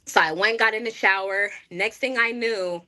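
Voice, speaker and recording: On a livestream, a woman streamer tells her chat a frank, rambling story, breaking off to address viewers. Her mid-range voice is bright and forward, moving at a moderate pace.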